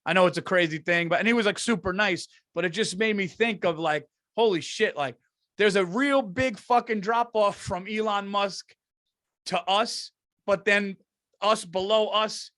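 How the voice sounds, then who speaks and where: Rambling high-voiced comedian man. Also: a little slow, a bit bright, no room sound, clean studio sound. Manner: rambling, profane, says dude a lot, restarts. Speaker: podcast co-host, comedian. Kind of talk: casual storytelling chat.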